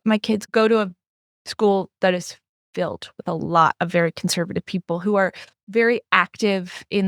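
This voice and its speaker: A middle-aged woman, a guest writer not from the Midwest, talks candidly in a casual podcast conversation, telling stories and acting out what people said to her. Her medium-pitched voice is a bit bright, recorded in studio quality with no room sound.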